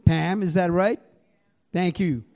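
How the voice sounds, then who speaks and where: An older man with an Indian accent shares his recovery story with a live audience, raw, profane and full of storytelling. His voice sits high with fairly even intonation, slow and a little mellow.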